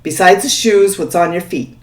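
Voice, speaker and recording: A serious, nerdy male shift manager, as a woman puts him on, who questions in a flat, stern way. His tone is low and quiet, with no playfulness at all. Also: normal speed, natural voice.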